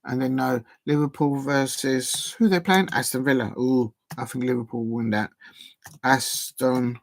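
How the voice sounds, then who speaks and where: This is a South London man on a football watch-along live stream, making rambling, casual chat and muttering while he types. His mid-range voice is gravelly, with fairly even intonation at a measured pace.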